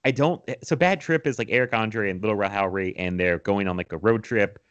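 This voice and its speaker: A young man talks casually about films on a podcast, his voice sitting low. He rambles, restarts his sentences and laughs often. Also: fairly quick, a bit bright, smooth, dull audio. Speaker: podcast co-host. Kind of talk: casual movie chat.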